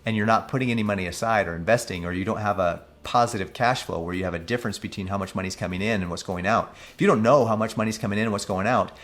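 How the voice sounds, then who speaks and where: A man's voice: lowish voice, fairly bright tone. A man coaching on personal finance, talking casually and skeptically through news articles and reading figures aloud. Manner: mocking when quoting officials.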